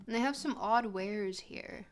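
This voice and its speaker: A woman of medium pitch talks a little slowly while playing a geography game on stream. She reads viewers' chat messages aloud, laughing and feigning outrage, in relaxed stream commentary.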